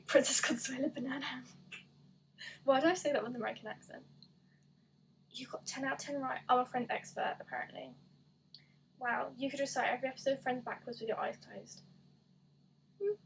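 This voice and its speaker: A woman's voice: fairly high pitch, fairly even intonation, brisk, vocal fry, long pauses, a little hiss or hum, poor audio. An eighteen-year-old woman chatting casually while doing an online quiz, rambling and self-deprecating with lots of "like". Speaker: gaming YouTuber.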